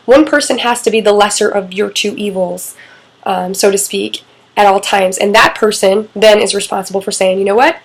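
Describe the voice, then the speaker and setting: A woman's voice: mid-range voice, fairly even intonation, normal speed, husky, low-quality recording. A middle-aged woman coaching on relationships in a casual, candid talk, swearing freely and acting out quoted lines.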